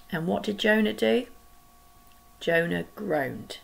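A woman leading a school collective worship, telling a Bible story to children with gentle, expressive pauses. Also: on the low side, vocal fry, poor audio.

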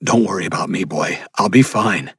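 A man's voice: deep voice, moderate pace, fairly bright tone, breathy edge, dry recording, studio quality, full character voice. A man voicing a father urging his son to run, commanding and tense. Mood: urgent. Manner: urgent, commanding. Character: determined grown father under threat.

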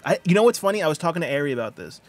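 A male game streamer talks casually through a live session, greeting viewers by name and reading chat aloud. His voice sits a touch higher than typical for a man, and he keeps up easy, friendly chatter. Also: sing-song, racing.

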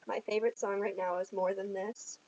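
A woman's voice: medium pitch, flat delivery, a little fast, darkish tone, muffled recording. A teenage girl with a Southern US accent, rambling casually on her vlog with lots of ums and giggles. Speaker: vlogger. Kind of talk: casual chat.

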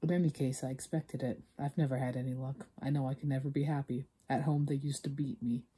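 A woman reading aloud the lines of a timid, heartbroken young man, in a soft voice. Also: very deep voice, steady tone, fairly quick, slightly rough, exaggerated voice.

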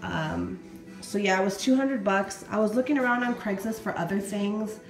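A woman's voice: mid-range voice, big pitch swings, moderate pace, over music. A young woman chatting casually in a show-and-tell home vlog, rambling with lots of fillers and restarts. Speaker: vlogger. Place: small kitchen at home. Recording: echoey home room.

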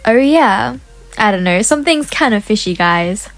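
Young woman, gaming commentary, excitable, gasping, high-pitched, faint background music. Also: moderate pace. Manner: excitable, gasping, chatty asides to viewers. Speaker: gaming YouTuber. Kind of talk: casual game commentary to viewers.

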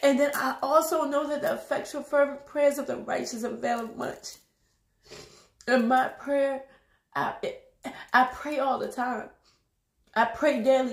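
A woman's voice: high-pitched, fairly even intonation, measured pace, pauses often, echoey room. A woman preaching an emotional testimony while crying, repeating herself and urging her listeners on. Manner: emotional, repetitive, exhorting. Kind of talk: tearful spoken testimony.

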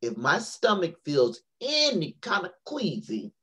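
Husky woman guest rambling through a story, voice going up and down a lot. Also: fairly low pitch, a little slow. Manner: animated, rambling with many fillers and restarts. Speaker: guest, poet and author. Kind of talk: casual storytelling in an interview.

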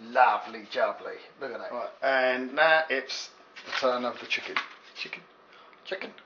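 An English home cook speaks in a mid-range voice at a moderate pace during a laid-back, jokey cooking demonstration in his kitchen. Rambling asides to the viewer fill it out, and the sound is dull, echoey lo-fi with a faint hiss.

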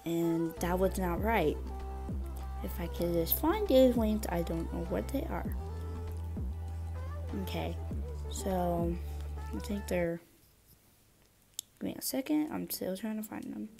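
A woman's voice: on the low side, expressive, slow, gravelly, long pauses, music in the background. A woman chatting casually through a game review, talking around something in her mouth from her braces and often stopping to correct herself. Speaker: gaming video creator.

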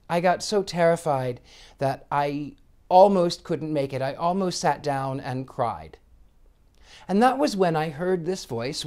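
A man's voice: on the high side, a little mellow. A man, a psychic, speaking earnestly in a reflective monologue, with frequent restarts. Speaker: psychic sharing personal reflections.

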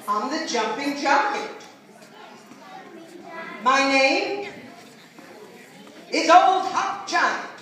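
A woman voicing a big helpful male giant, speaking slowly and deliberately. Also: extremely high pitch, fairly bright tone, a little hiss or hum, full character voice. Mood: proud. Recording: echoey live room, far mic, instrument music.

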